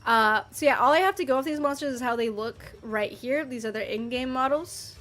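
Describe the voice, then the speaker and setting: A woman streaming and chatting casually with her viewers, playful and animated, answering chat with mock outrage and quick laughs. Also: sits high, soft background music.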